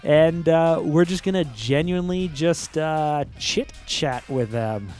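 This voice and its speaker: A man in his thirties hosting a casual podcast in a studio, rambling and joking with quick laughs. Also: on the high side, darkish tone, faint music behind. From Canada. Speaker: podcast host.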